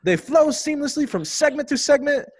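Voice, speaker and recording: A cheery male podcast fan in a put-on Australian accent, voiced by a man. The voice is pitched far above his usual talk and swings wildly. The delivery is sing-song and over the top. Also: animated, normal speed. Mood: chirpy.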